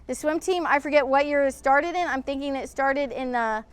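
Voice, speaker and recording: A middle-aged woman hosts a casual vlog outdoors next to an old pool, ranting to camera in an indignant, emotional way. Her voice is high and her speed normal.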